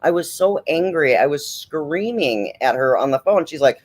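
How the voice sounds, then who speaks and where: A man with a slightly high voice hosts a late-night livestream and talks in a loose, casual way. He is blunt and preachy, swears freely and. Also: animated, moderate pace. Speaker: livestream host.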